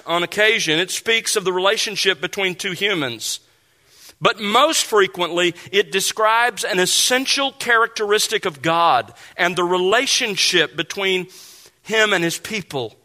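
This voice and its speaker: Bright-voiced male preacher teaching Scripture. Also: sits high. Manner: measured, emphatic Bible teaching with quoted verses. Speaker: pastor. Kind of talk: expository sermon.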